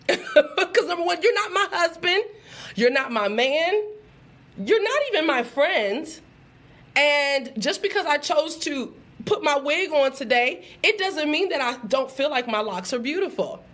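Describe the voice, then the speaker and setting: A woman with a high voice giving a live-stream pep talk. She speaks with emphatic, animated delivery and talks straight to her viewers, breaking into quick laughs.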